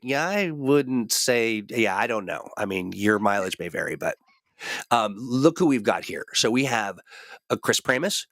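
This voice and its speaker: A man hosting a relaxed livestream, talking in a fairly low voice that wanders through fillers and restarts. He is getting over a cold, and the sound is close and dry, with no room around it. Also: measured pace, dry recording. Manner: rambling, full of fillers and restarts. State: recovering from a cold. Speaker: host. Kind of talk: casual livestream chat.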